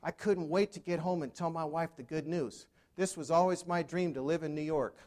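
A man's voice: a little high, moderate pace, darkish tone. Conversational male keynote storyteller. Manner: conversational, asks the audience questions, dry humor. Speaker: motivational speaker. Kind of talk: storytelling keynote to a live audience.

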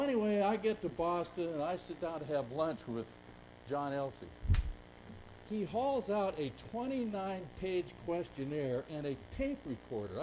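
A man's voice: a little high, a little mellow, slight background noise, poor audio. An older man speaking at a conference, telling rambling folksy stories to a live audience. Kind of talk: storytelling talk to a live audience.

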